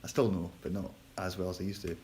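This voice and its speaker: A man on a live stream, chatting casually and quietly to viewers during a break from his shift, rambling and poking fun at himself. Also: deep voice, level tone, fast talker, a little hiss or hum, low-quality recording. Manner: rambling, chatty, self-deprecating; talking quietly. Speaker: livestreamer on a work break.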